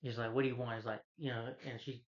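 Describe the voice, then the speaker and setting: A man casually retelling a film's plot as a reviewer, rambling and halting with lots of "you know" and restarts. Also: medium pitch, flat delivery. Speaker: movie reviewer. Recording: slightly dull lo-fi recording.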